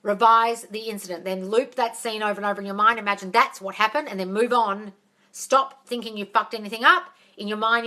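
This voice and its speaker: Her voice sits fairly high, bright and forceful. She's a manifesting coach running a casual live Q&A, blunt and profane, and she calls her listeners darling. It was recorded on a phone.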